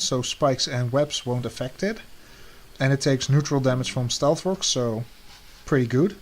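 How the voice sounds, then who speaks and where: A man co-hosting a casual chat, talking relaxed and letting his sentences trail off softly. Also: medium pitch, measured pace. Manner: relaxed, trails off with soft endings. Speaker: co-host ranking draft teams.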